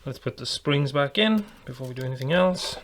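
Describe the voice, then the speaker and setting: A man building an electric guitar, thinking aloud in a relaxed way with fillers and restarts. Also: mid-range voice, fairly quick, a little hiss or hum. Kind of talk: casual workshop narration.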